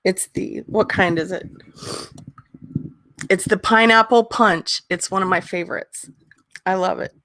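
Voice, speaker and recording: A woman's voice: medium pitch, steady tone, measured pace, pauses often, fairly bright tone, dry recording. A woman hosting a casual live-stream chat, blunt and ranting. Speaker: host.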